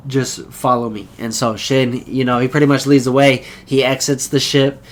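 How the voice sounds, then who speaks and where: A man recapping an episode in a relaxed, rambling voice. He talks at an ordinary middle pitch and keeps slipping into quick character impressions before dropping back to plain chat. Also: slight background noise. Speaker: anime reviewer.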